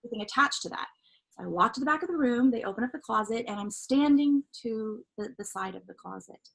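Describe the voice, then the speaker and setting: A middle-aged woman from Southern California, a life coach guest on an interview show, telling a personal story in an animated, casual way, laughing often and acting out what others said. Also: on the high side, quick pace, creaky, poor audio.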